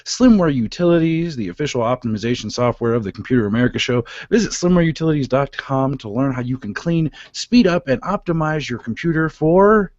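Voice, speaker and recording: A man hosting a technology radio show with jokey, casual talk and quick sponsor reads. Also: mid-range voice, expressive, darkish tone, no echo, lo-fi sound. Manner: jokey, laughing, fast ad reads.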